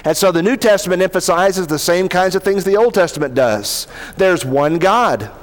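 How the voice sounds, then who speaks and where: A male pastor preaching a sermon, reading scripture aloud and slowing down to stress key words. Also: high-pitched, animated, long reverb tail.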